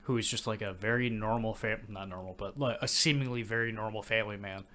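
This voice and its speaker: A man from Michigan co-hosting a casual movie podcast, telling stories in a relaxed, trailing way. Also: on the low side, fast. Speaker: podcast co-host.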